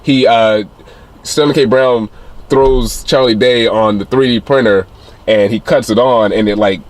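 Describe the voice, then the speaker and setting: In a loose spoiler recap, this reviewer rambles through a film's story with plenty of fillers, putting on a higher voice for quoted lines. He keeps a steady tone and a measured pace.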